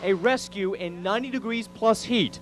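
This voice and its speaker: A man's voice: high-pitched, moderate pace, a loud crowd, heavy background noise. A man reporting a news story in punchy, dramatic scripted narration.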